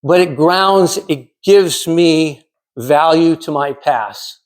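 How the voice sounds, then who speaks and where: A man in his sixties from California giving a prepared storytelling speech in a measured, dramatic way with pauses. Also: a little high. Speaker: club speaker.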